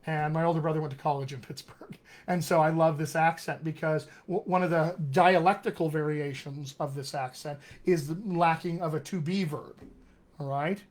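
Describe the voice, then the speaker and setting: A man's voice: fairly high pitch, steady tone, normal speed. A man coaching accents in a live online session, demonstrating sounds and reading viewer comments with eager energy. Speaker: dialect coach.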